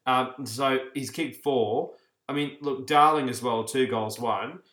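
A man's voice: mid-range voice, unhurried, a bit bright. Chatty Australian man, echoey room. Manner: chatty storyteller, laughs while talking. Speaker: podcast co-host. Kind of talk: casual chat.

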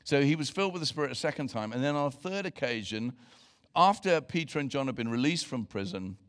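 A man's voice: mid-range voice, lively intonation, fairly quick. A man preaching a sermon as pastor, emphatic and earnest, breaking into joking asides with his congregation.

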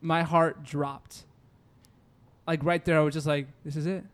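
A young man telling a story in a casual chat with friends, animated and laughing, acting out what people said. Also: fairly high pitch, measured pace. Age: young adult. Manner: animated, storytelling, acts out quotes, laughs often.

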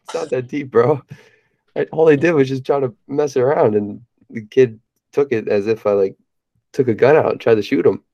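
Young man, podcast co-host, relaxed storyteller, mellow dark tone, dull muffled sound. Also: medium pitch, moderate pace, no room sound. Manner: laid-back storyteller, laughs often, many fillers. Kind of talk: casual chat.

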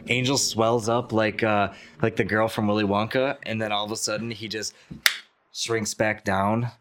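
A man running a tabletop game as game master, narrating scenes in an animated storytelling way. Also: on the low side, normal speed, background noise.

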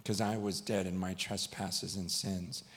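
A man's voice: low-pitched, flat delivery, a little slow, a bit bright. A man preaching a sermon at a live event, telling a story in a conversational way and acting out what others said.

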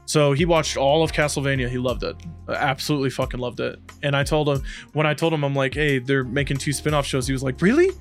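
A man's voice: medium pitch, fairly even intonation, fast talker, hardly any pauses, faint music behind. A man co-hosting a podcast in casual chat, enthusiastic and joking, acting out quotes. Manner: enthusiastic, jokey, acts out quotes. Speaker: podcast co-host.

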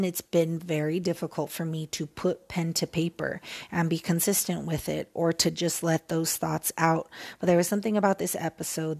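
A woman hosting a casual solo podcast, talking in an animated, emphatic way and repeating phrases for effect. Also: sits low, gravelly. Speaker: podcast host.

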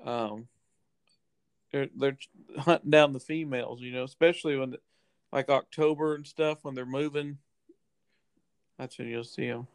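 A man's voice: medium pitch, fairly even intonation, a little slow, long pauses, clear, resonant tone, no room sound. A man co-hosting a podcast in casual chat, laid-back and full of fillers and restarts. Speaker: podcast co-host.

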